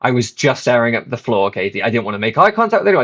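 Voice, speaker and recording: A man's voice: medium pitch, big pitch swings, rapid-fire, a bit bright, dull audio. A man and channel host casually telling a rambling, self-mocking story, swearing freely.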